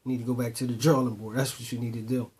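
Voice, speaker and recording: A man's voice: flat delivery, rapid-fire, darkish tone, breathy edge. Man telling street stories, casual. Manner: conversational, retells dialogue in voices, repeats "boom". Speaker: storyteller addressing youth. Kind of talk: casual spoken storytelling.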